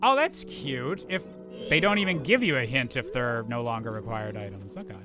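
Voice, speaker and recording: In a mid-range voice with lively intonation, a man streams a game and casually chats with viewers at normal speed. He rambles upbeat, full of fillers and restarts, over faint game music.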